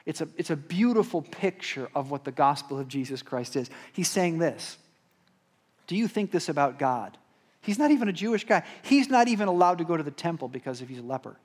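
A male pastor preaching a sermon in a conversational way, tossing in "right?" and "okay?", swinging between emphatic rises and quiet, slowed drops. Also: on the high side, expressive, slightly rough. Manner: conversational preaching with rhetorical asides and repeated "right?".

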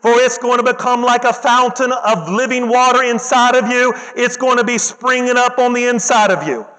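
A man preaching a sermon voices an earnest male teacher figure, speaking forcefully and insistently. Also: very high voice, moderate pace, in a large hall, rough recording.

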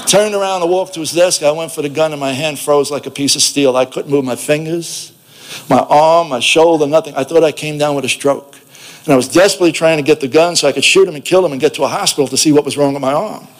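Brief: man, somewhat higher pitch, blunt, streetwise storyteller giving a first-person testimony. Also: fast. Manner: plainspoken and blunt, with a streetwise edge.

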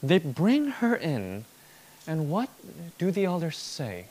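A man's voice: on the high side, huge pitch swings, slow, a little mellow. A man preaching an expository sermon, emphatic, building points through rhetorical repetition.

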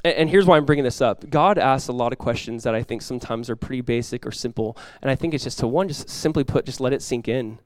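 A man preaching a sermon as pastor, in a lively, conversational way with quick acted-out asides. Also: mid-range voice, clear, resonant tone, dry recording.

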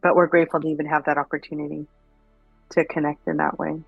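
A woman telling a traditional story in a casual, animated way, full of fillers. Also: sits low, quick pace, gravelly, breathy edge, no room sound, narrow, tinny audio, faint music behind. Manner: animated, chatty, many fillers.

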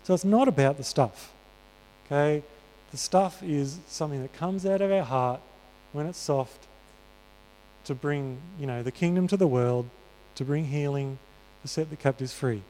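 A man's voice: a little high, moderate pace, warm tone, clear, resonant tone. A man preaching a sermon in a church, talking in an earnest, conversational way with many fillers. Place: church hall. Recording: reverberant church hall.

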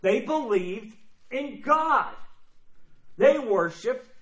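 A man's voice: very high voice, lively intonation, very slow, a bit bright. A man preaching a sermon emphatically, repeating phrases and acting out quoted voices. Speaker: pastor. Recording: echoey room.

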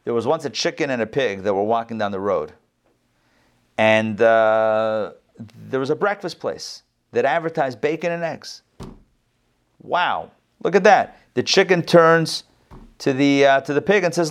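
A middle-aged rabbi teaches a conversational Torah class in a medium-pitched, unhurried voice. He jokes often, repeats words as he goes, and adds chatty asides.

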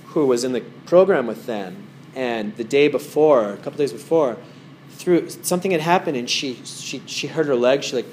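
A man's voice: mid-range voice, darkish tone, a little hiss or hum. A man giving a casual talk as a meditation teacher to a small group in a wellness center, rambling through stories with many fillers.

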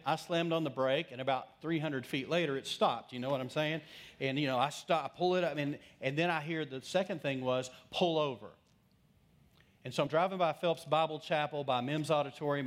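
A middle-aged man, a pastor, telling a personal story in a conversational sermon, swinging between lively asides and hushed moments. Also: on the high side, fairly quick.

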